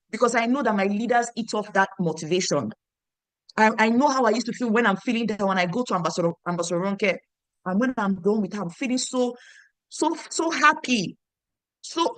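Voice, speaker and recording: A woman's voice: mid-range voice, dry recording. Emphatic woman coaching her team. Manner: emphatic and repetitive, quizzing listeners. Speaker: team leader training her downline. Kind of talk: motivational team training talk.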